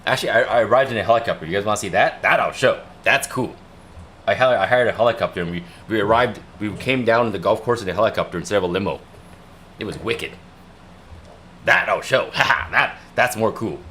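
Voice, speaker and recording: Casting: young male streamer, low voice, loose rambling storyteller, faint room noise behind. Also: fairly quick, bright, forceful tone. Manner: chatty, rambling, repeats himself. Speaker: livestream host. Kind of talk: casual livestream storytelling.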